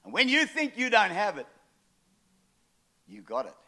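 An older man preaching a sermon, telling stories with animated acted-out quotes. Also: high voice, a little slow. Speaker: pastor.

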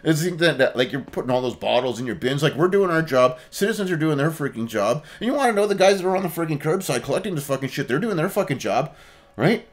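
A man's voice: a little high, lively intonation, quick pace. A man, a podcast guest ranting casually and swearing constantly. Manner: profane, ranting.

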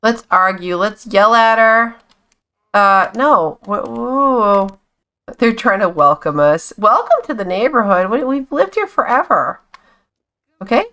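A woman's voice: mid-range voice, lively intonation, a little slow, bright, forceful tone. A young woman giving casual, amused commentary on a life-sim game, chatting to the characters on screen as she plays. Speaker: gaming YouTuber.

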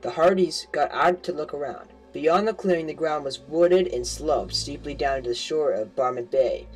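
A man's voice: on the high side, normal speed, a little mellow, low-quality recording. A man reading a novel aloud as an amateur audiobook, stumbling and correcting himself as he goes. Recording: home recording with faint music.

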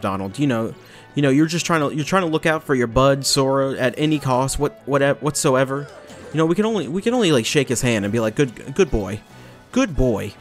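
A young man giving casual, rambling gameplay commentary, joking and swearing, with taunts at enemies. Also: mid-range voice. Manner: rambling, jokey, swears, bursts into loud taunts. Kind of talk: casual let's play commentary. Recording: faint game music behind.

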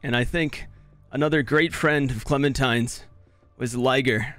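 A man leading a joking funeral, speaking in a halting, mock-solemn way with restarts. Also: mid-range voice, fairly even intonation, fairly bright tone, no room sound, faint music behind. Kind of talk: playful mock-solemn speech.

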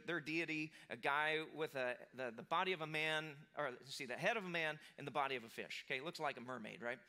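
A man's voice: a little high, bright, forceful tone. A man preaching a sermon in a casual, conversational way, full of fillers and restarts, who acts out the lines of the people he describes. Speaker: pastor. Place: church sanctuary.

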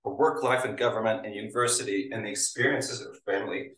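A man gives a talk to a room full of people, his voice on the low side. He speaks haltingly, with lots of fillers, and now and then he is choked up. The sound is roomy and picked up from some distance. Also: fairly bright tone. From Hungary. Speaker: lecturer. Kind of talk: academic talk with slides. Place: lecture room with audience.

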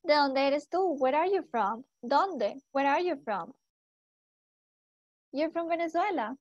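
High-voiced woman teaching an English class. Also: a little slow, no room sound, highs cut off. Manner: lively, switches to Spanish to explain; asks students many short questions. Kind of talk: online class with students.

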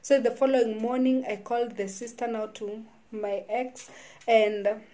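Woman vlogger, personal storytelling, soft dark tone, stop-start delivery. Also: on the high side, fairly even intonation. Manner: halting, with frequent restarts and repeated words.

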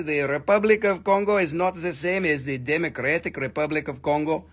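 A man's voice: a little high, fairly quick, hardly any pauses. A man hosting a live gem sale show, chatty and joking, swearing casually, with phrasing. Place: gem shop studio.

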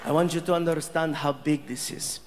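A high-pitched comedian in his thirties tells a story from a stage, animated and bursting into loud character voices. A long hall reverb trails his lines, with faint background noise. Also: a little fast, some chatter behind. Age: 30s. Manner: animated, jumps into loud impressions. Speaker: stand-up comedian. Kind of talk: stand-up storytelling.

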